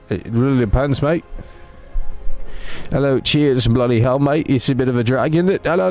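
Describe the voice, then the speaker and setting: A medium-pitched, darkish, natural male voice belongs to a streamer doing a cheeky mock-British bloke impression. Nearly every line gets a "mate" or "cheers" in his bouncy, teasing live-stream banter.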